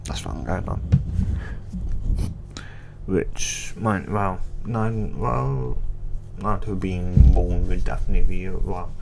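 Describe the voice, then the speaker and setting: A man's voice: low-pitched, fairly even intonation, slow, vocal fry, long pauses, a little mellow, slight background noise. A man rambling casually about a fan theory, hesitant and full of restarts. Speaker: fan video creator.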